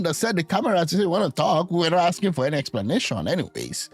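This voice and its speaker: A man's voice: a little high, sing-song, fast talker, husky, faint music behind. A man hosting a reaction video, commenting on a clip in a teasing, incredulous way and laughing often.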